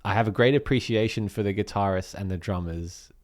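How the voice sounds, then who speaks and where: An Australian man co-hosting a casual music chat, thinking aloud in a meandering way with many pauses and ums. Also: on the low side. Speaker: podcast co-host.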